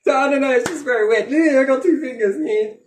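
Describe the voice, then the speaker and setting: A man's voice: extremely high pitch, fast talker, a little hiss or hum. A man in casual chat, rambling and swearing, joking and acting out little dialogues. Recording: roomy echo.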